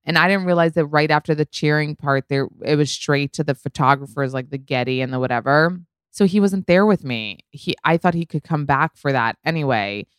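Woman podcast host, low voice, smooth and clear, dry close sound, rambling casual storytelling, swears now and then. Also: fairly quick, no room sound. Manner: chatty, lots of "like" and "you know", swears casually.

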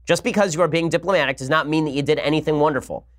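A man hosting a political podcast, giving rapid, argumentative commentary with emphatic points. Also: on the high side. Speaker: podcast host.

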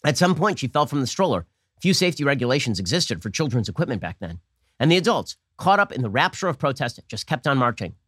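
A man's voice: medium pitch, sing-song, fairly bright tone, breathy edge, no echo, studio quality. A man hosting a political commentary show, talking in a sarcastic, mocking monologue. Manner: sarcastic, mocking, rapid-fire.

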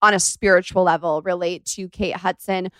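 Chatty gushing woman on a podcast, smooth voice, dry close mic. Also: fairly low pitch, fairly even intonation, moderate pace, fairly bright tone, no room sound. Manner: bubbly, gushing storyteller. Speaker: podcast host. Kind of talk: casual chat.

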